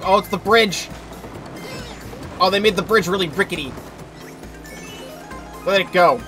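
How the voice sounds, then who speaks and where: Over game music, a man streams a racing game, chatting casually and telling a rambling work story full of filler words and the occasional swear. His voice is high-pitched, bright, and forceful, a little slow with long pauses.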